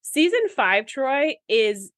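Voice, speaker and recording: A woman's voice: high-pitched, animated, slow, fairly bright tone, no echo. A woman co-hosting a podcast in casual chat, earnest and emphatic. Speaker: podcast co-host.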